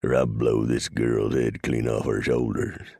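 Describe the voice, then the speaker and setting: A dim, cowardly Texan outlaw growls his threats in a very deep, gravelly drawl with a Texas accent, as a male narrator plays him. The voice is husky and dry, close to the mic in an audiobook. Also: flat delivery, unhurried, mellow, no echo, exaggerated voice. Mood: threatening.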